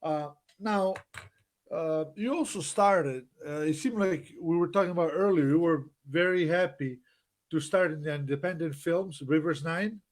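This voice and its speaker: A male host asking his guest questions in a halting way, with many fillers. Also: on the high side. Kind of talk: casual interview questions.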